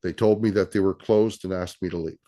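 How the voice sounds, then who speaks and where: A man speaks in a somewhat low voice as a guest in a casual live conversation. He explains patiently, but he trips over his words and repeats them as he goes. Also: fairly even intonation, a little fast, warm tone. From Canada.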